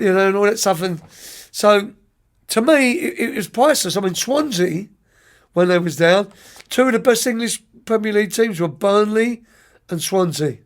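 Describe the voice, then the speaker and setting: A middle-aged man, a youth soccer coach, telling lively, rambling stories as a podcast guest, often restarting and repeating words. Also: high voice. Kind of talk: anecdotal storytelling in an interview.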